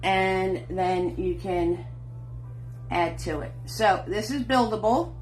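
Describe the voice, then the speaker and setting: A middle-aged painting instructor speaks slowly in a mid-range, slightly mellow voice as she teaches live online. Chatty and encouraging, she greets viewers by name and calls them sweetheart and hun, with faint music underneath.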